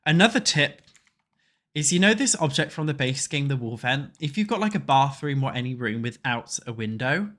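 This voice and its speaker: Animated and talking at a normal speed, a streamer with a stuffy, cold-affected voice banters with viewers at his desk during a casual gaming stream. His mid-range voice is a bit bright, and he swears freely, jokes crudely and pokes fun at the chat.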